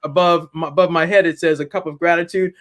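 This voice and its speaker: A woman business founder as a guest on an interview show, talking in an animated, humorous way with frequent restarts. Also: lowish voice, fast talker. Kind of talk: interview conversation.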